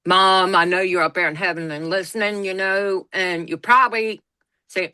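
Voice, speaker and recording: Woman, bright, close and dry sound, blunt, folksy storyteller. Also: lowish voice, fairly even intonation, normal speed, smooth, no echo. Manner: folksy, blunt, laughs through her stories. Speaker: podcast co-host. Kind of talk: casual storytelling chat.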